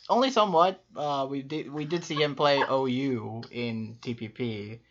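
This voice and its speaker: Guy rattling off rankings, laughy and quick, kinda muffled lo-fi sound. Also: mid-range voice. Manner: quick, upbeat, laughs often, many fillers. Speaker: co-host ranking players. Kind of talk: casual chat. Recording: muffled lo-fi audio.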